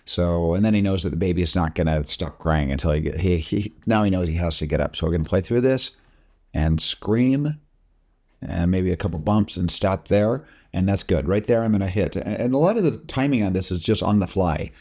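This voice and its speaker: A man talking through video editing steps in a casual software tutorial, explaining each click as he goes. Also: deep voice, brisk. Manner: casual, talks through each step while working. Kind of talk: screen-recorded software tutorial.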